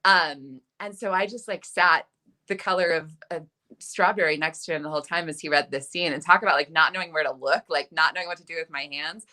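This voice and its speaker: Bright, low-voiced woman telling stories. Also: fairly quick. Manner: chatty, self-deprecating, heavy use of "like". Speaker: author guest. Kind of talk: animated anecdote on a video interview.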